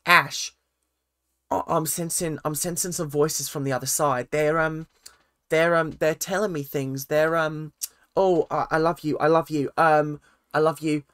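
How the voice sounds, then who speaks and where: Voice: medium pitch, steady tone, a bit bright, no echo, clean studio sound, close to an everyday voice. Someone putting on a dramatic self-styled psychic woman. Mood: dreamy, hesitant. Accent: Australian put-on. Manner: halting, breathy, full of ums. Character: dramatic young woman claiming psychic visions.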